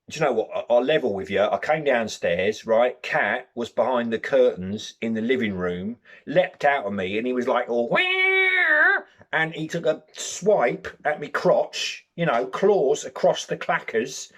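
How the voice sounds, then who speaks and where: A man giving a rambling, hesitant comic monologue, deadpan and full of ums. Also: mid-range voice, creaky, breathy edge. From Nottingham, England. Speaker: comedy character monologue.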